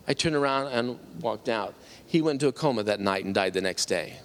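A middle-aged man telling a personal faith testimony, animated and acting out the people he quotes. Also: on the high side, quick pace. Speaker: testimony speaker.

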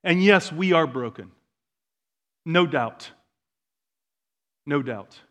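A man pastor preaching a sermon in a church, moving between quiet, slow asides and loud, emphatic declarations. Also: a little high, expressive. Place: church sanctuary.

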